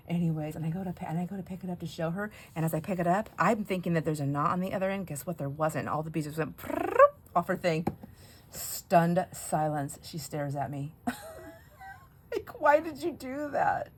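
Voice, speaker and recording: A woman's voice: deep voice, fairly even intonation, fairly quick, slight background noise. A middle-aged woman hosting a crafting video, chatting casually and rambling through funny family stories as she works, laughing often. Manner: rambling storyteller, laughs often, mimics others. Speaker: crafting channel host.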